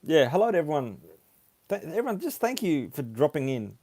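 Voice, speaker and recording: A man hosting a casual livestream, chatting haltingly as he reads viewer comments aloud. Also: fairly high pitch, big pitch swings, warm tone, dry recording. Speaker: livestream host. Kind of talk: casual live chat reading comments.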